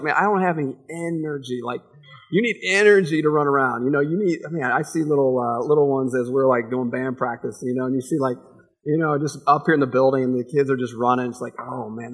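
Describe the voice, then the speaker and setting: A man's voice: on the high side, breathy edge. A man in his forties preaching a casual, conversational sermon, laughing often and acting out the people in the story. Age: 40s. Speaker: pastor.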